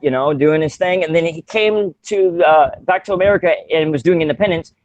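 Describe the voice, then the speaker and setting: A man's voice: a little high, fairly quick, darkish tone, muffled recording. A man co-hosting a casual podcast, rambling with many fillers and restarts and laughing often. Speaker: podcast co-host.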